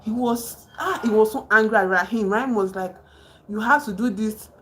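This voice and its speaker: A woman hosting a casual livestream, excitedly retelling a novel's plot with emphatic outbursts. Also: mid-range voice, normal speed, background noise. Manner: excited, emphatic storytelling with sudden exclamations. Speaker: livestream host. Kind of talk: casual livestream chat about a book. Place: home.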